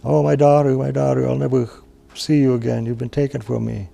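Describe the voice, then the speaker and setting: A man voicing a grieving old woman, Mother Earth, in a drawn-out crying lament. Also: lowish voice, dark tone, natural voice.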